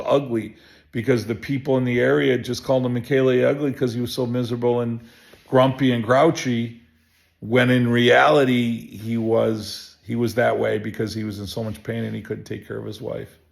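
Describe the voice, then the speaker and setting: A chiropractor telling a personal story in a relaxed, rambling way, full of restarts and fillers. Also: male voice, mid-range voice, vocal fry. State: emotional. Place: home.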